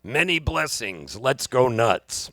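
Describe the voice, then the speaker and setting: A man's voice: mid-range voice, very animated, slow, a bit bright, heavily acted. A man voicing a frail old dad with dry wit. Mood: wry. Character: frail dying old father, dry gallows humor.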